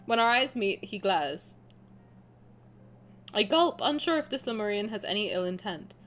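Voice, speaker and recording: A young woman streamer playing a story game, reading the narration aloud and reacting in a chatty, animated way, often laughing. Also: medium pitch, normal speed.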